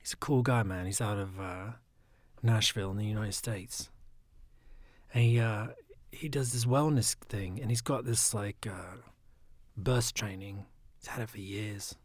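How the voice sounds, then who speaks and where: A man with a raspy, phlegmy throat, talking in a soft, often half-whispered, rambling casual monologue. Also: lowish voice, a little slow, dry recording.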